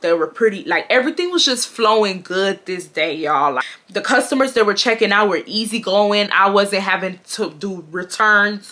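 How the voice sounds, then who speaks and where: A young woman from Houston, Texas tells a casual storytime in a bright, forceful voice. She talks chattily and with sass, slipping into imitations of the people she describes. Her pitch sits in an ordinary middle range for a woman. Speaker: vlogger.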